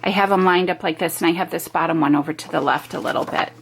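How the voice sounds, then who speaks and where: A woman's voice: fairly low pitch, quick pace, creaky, background noise. A woman hosting a home craft video, talking through a stamping project step by step with chatty, homey asides. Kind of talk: casual step-by-step craft demo.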